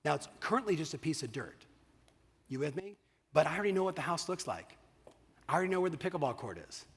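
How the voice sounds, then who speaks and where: A middle-aged man giving an energetic, profane motivational keynote on stage, often checking in with the audience. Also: a little high, quick pace, breathy edge. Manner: energetic, profane, asks the crowd "you with me?". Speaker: keynote speaker. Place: large hall on stage. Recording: long hall reverb.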